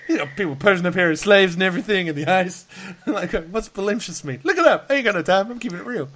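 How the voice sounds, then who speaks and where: A man's voice: high voice, expressive, fast talker, a bit bright. A tired man hosting a podcast over a call, rambling, laughing a lot and swearing freely. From Australia. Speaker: podcast host. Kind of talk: casual chat. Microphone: video call.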